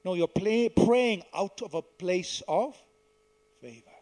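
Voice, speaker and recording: Speaking slowly and expressively in a high register, this man delivers a verse-by-verse sermon. The congregation repeats lines back to him while his volume rises on key words and drops softly at the finish.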